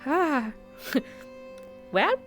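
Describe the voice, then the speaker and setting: A woman's voice: high voice, big pitch swings, drawn-out words, fairly bright tone, soft background music. A woman streamer reading game lore aloud, giggling often, tripping over hard words and wandering into chatty asides.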